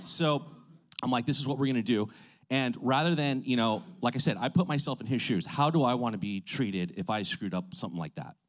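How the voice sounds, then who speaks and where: A man's voice: medium pitch, expressive, a little fast. A man who runs a real estate business, telling a story in a chatty way, full of fillers and asides. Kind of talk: casual storytelling.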